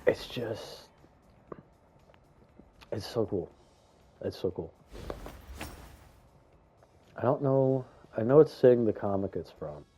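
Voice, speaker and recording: A young man giving casual, rambling commentary on a video game, chatty and excitable, with lots of fillers and some stuttering. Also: fairly low pitch, slow pace, long pauses, breathy edge. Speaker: gaming YouTuber.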